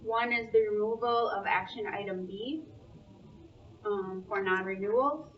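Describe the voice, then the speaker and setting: A woman with a Minnesotan accent who chairs a board meeting, briskly calling motions and votes. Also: mid-range voice. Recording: distant, dull meeting-room recording.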